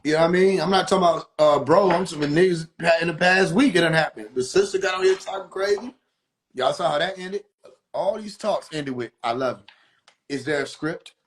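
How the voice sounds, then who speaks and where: A man's voice: sits high, a little fast. A man hosting a live stream, giving casual spiritual teaching in a preachy way, repeating his points and putting questions to his viewers. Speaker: livestream host.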